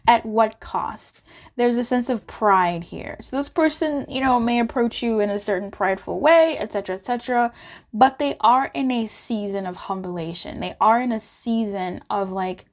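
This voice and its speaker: A woman's voice: on the high side, moderate pace. Chatty woman giving a tarot reading. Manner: chatty and expressive, talking straight to the viewer. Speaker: tarot reader. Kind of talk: casual pick-a-card tarot reading.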